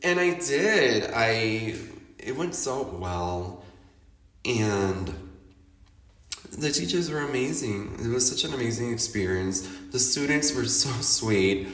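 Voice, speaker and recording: A man's voice: mid-range voice, slow pace. A man from Chicago with a Chicago accent, talking casually and expressively about his life, laughing often and acting out what he said. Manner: chatty and expressive, laughs often, theatrical quoted asides. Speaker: podcast host. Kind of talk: casual personal monologue. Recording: roomy echo, somewhat distant from the mic.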